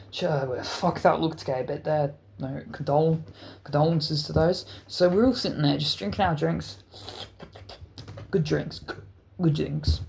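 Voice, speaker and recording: A man's voice: fairly high pitch, creaky, darkish tone, a little hiss or hum. A man telling a wild story in a rambling, profane, casual way, full of restarts.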